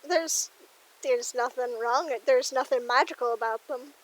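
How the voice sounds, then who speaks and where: A woman's voice: high-pitched, unhurried, rough recording. A woman running a tabletop role-playing game as game master, talking casually with many fillers.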